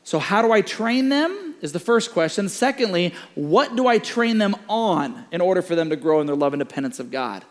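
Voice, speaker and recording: A man preaching a sermon as a pastor, telling a story with lively character voices. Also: moderate pace, hardly any pauses. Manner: animated storytelling, voices characters in high pitch. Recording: reverberant hall.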